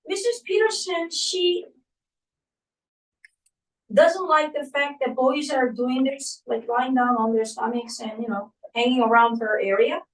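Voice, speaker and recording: A woman's voice: high voice, measured pace. A woman teaching an English reading lesson, prompting her student with many checking questions. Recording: roomy sound, distant from the mic.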